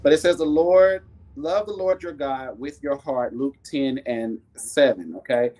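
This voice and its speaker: A man's voice: medium pitch, measured pace. A man hosting a casual live jewelry sales stream, chatty and laughing often, reading viewer comments aloud and talking about his faith. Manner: warm and churchy, talks faith.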